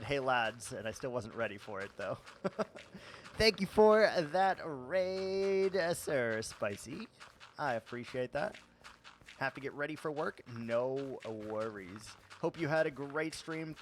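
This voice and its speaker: A man's voice: mid-range voice, measured pace, slight background noise. A man with a Midwestern accent chatting casually on a gaming livestream, profane and rambling, laughing at himself. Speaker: streamer.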